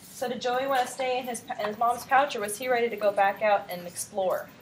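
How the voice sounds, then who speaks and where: Animated teacher reading aloud to children. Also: female voice, on the high side, brisk, slight background noise, poor audio. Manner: animated read-aloud voice, asking children questions. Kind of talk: reading a picture book aloud to a class. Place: classroom.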